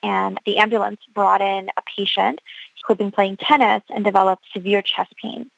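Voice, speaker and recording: A woman's voice: mid-range voice, fairly even intonation, moderate pace, vocal fry, no room sound, highs cut off. Earnest woman doctor telling a story. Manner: earnest, reliving events with quoted dialogue. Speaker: emergency physician telling a story. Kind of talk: storytelling interview.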